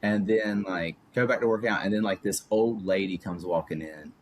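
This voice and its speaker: A man's voice: low voice, normal speed, a little hiss or hum. A man in his thirties, a podcast guest, rambling through anecdotes in casual chat with lots of "like" and chuckles. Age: 30s.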